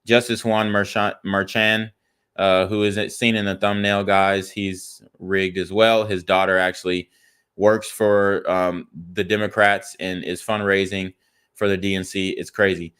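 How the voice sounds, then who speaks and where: A man's voice: low voice, little pitch movement, measured pace, a bit bright, clear, resonant tone. A young man hosting political reaction commentary, angrily reading viewer comments and a news article aloud with frequent profanity. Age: young adult. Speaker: commentary channel host.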